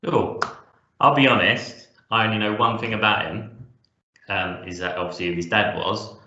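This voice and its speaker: A man co-hosts a podcast, chatting casually and jokily about music with plenty of easy laughter and enthusiasm. His voice is lowish, pushed and bright, with fairly even intonation and a moderate pace. The room sounds echoey, dull and lo-fi.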